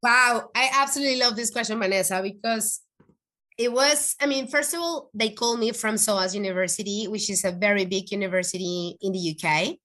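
A woman guest in an interview, telling an emotional personal story in an earnest, animated way, with frequent restarts. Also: medium pitch, fairly quick. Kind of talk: conversational podcast interview.

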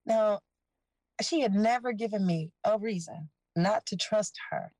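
A woman's voice: mid-range voice, measured pace, no echo, low-quality recording. A woman guest earnestly telling her own life story in an interview, plainly and openly. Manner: earnest, animated retelling, voicing others in dialogue.

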